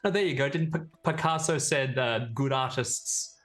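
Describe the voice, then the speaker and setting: A man's voice: mid-range voice, moderate pace, fairly bright tone. A man, the game master, chatting casually and tripping over his words as he opens a tabletop game. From Australia. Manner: chatty, laughs easily, trips over words.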